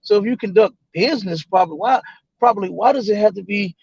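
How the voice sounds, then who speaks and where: High-voiced man telling a story. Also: quick pace, creaky, slightly rough, no echo, highs cut off. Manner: animated, quotes others in voices, swears freely. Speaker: guest. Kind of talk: casual storytelling.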